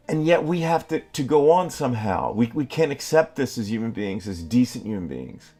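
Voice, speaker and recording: A man co-hosting a political talk show, speaking in a heated, halting way with many restarts and curses. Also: medium pitch, sing-song, warm tone, faint music behind. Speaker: podcast co-host.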